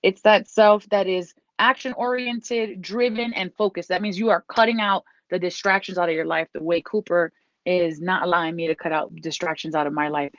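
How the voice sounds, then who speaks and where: A woman with a somewhat low voice gives a casual tarot reading, encouraging and repeating herself. The sound is dry and a little dull, like a lo-fi home recording. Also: fairly even intonation, moderate pace, no room sound. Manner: repetitive, encouraging, breaks off to scold her dog. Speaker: tarot reader.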